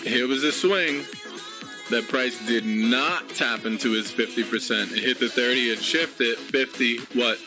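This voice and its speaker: A man's voice: medium pitch, measured pace. A man hosting a live trading stream who chats casually, laughs often and reads viewer comments aloud. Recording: guitar music playing clearly behind. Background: guitar music.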